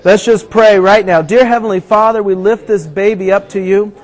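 A man preaching to a crowd, praying and then telling a funny story before a Bible passage, growing animated and shouting at the climax. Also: high voice, normal speed, low-quality recording. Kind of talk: storytelling sermon.

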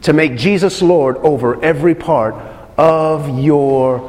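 A man's voice: fairly high pitch, takes it slowly, a little mellow, in a large hall. A man preaching a sermon, emphatic, repeating phrases and putting questions to his listeners.

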